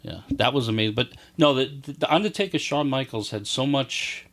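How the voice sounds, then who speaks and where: A man's voice: medium pitch, brisk, a bit bright. A man talking as a guest in a casual chat, eagerly recounting events in detail.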